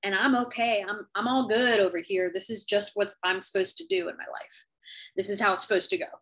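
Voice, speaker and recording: A woman doing a sweet, calm little ladybug boy. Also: brisk, close to an everyday voice. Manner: sweet, reassuring, higher than her own voice.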